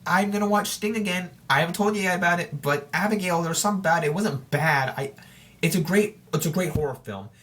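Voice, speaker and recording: A man's voice: high voice, brisk, fairly bright tone. A man hosting a solo podcast in casual chat, talking straight to his listeners and rambling, with frequent restarts and self-corrections. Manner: informal and chatty, addressing listeners directly. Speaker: podcast host.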